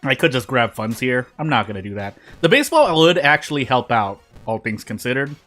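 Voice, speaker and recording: Lively, bright-voiced man rambling through a game. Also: medium pitch, fairly quick, faint music behind. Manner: rambling, repeats phrases and restarts mid-sentence; talks while eating. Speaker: streamer. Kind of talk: casual gameplay commentary.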